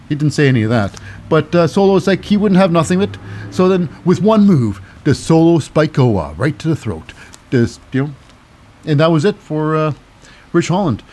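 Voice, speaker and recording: A man's voice: on the high side, very animated, normal speed, a little mellow. A man hosting a casual wrestling recap podcast with a cynical, wry manner and many fillers. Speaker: podcast host.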